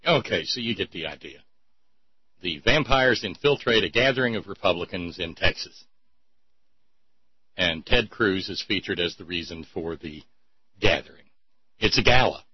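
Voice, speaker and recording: A man hosting political commentary, mocking and sarcastic, often tripping over his words as he goes. His voice is husky. The recording is dry and slightly muffled. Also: low voice, expressive, moderate pace, long pauses, no echo. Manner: mocking and sarcastic, with stumbling restarts. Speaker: host.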